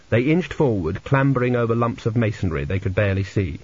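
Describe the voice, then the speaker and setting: A man narrating a comic fantasy audiobook in a dry, measured storytelling manner, in a lo-fi recording. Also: on the low side, expressive, darkish tone, husky, no room sound. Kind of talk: scripted narration.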